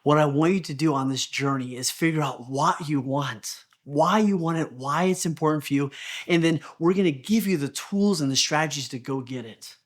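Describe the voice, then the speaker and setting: A man's voice: a little high, moderate pace. A man coaching real estate agents in a motivational talk, earnest, often repeating words and asking the listener questions. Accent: Texan. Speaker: business coach.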